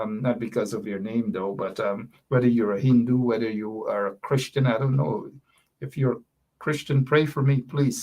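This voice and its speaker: A man's voice: mid-range voice, a little mellow. A man hosting a talk show, talking casually and emotionally, rambling and half joking as he asks listeners to pray for him. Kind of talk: casual live-stream talk.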